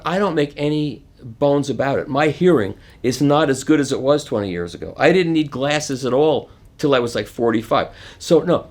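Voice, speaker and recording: Man in his 70s, chatty storyteller, middle-pitched, acts out quotes. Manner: animated, acts out quoted voices, chuckles. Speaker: interview guest. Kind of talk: casual anecdotal storytelling.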